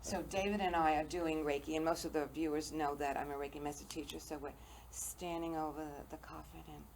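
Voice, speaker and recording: A woman's voice: low voice, fairly even intonation, brisk, darkish tone, low-quality recording. An older woman hosting a local TV interview show, telling personal stories with self-deprecating humor. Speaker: talk show host. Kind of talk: casual interview chat. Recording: faint noise, local TV studio.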